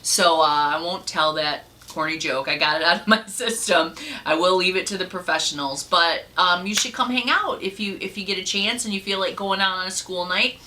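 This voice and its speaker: A woman's voice: on the low side, normal speed, pushed and bright, a little hiss or hum. A woman giving a casual, rambling vlog update in a chatty way, with many fillers. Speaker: vlogger and comedy night host.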